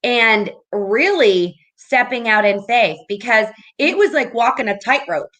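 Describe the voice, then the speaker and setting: Upbeat coach lady hosting, bright punchy voice, kinda high, super encouraging. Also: expressive, a little slow. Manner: upbeat, encouraging, keeps asking "right?". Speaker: host, business coach. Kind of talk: casual encouraging talk.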